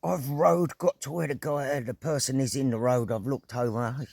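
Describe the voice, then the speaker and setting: Telling a story on his vlog at an outdoor evening camp, a middle-aged man keeps things loose and animated, peppering it with slang, curses and sound effects. His medium-pitched voice is creaky and moves at a moderate pace, with no room sound.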